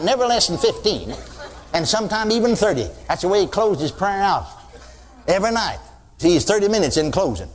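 Older preacher guy, high voice that jumps all over, booming hall. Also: very animated, fairly quick. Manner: folksy storytelling, mimics praying loudly. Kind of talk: sermon. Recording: reverberant hall.

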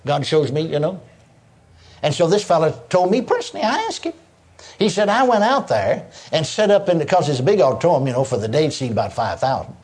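Animated older preacher. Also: male voice, a little high, fairly quick. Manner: animated storytelling with repetitions and laughs. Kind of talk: sermon.

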